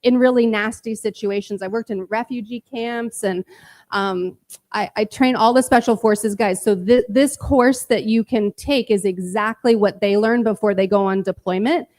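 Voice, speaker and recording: A woman answers interview questions on a festival stage, speaking into a handheld mic. She talks directly and earnestly, in a confident middle-pitched voice. The recording is dry and close. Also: steady tone, normal speed, a little mellow, no echo. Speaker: paramedic and midwife instructor, guest. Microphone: handheld microphone.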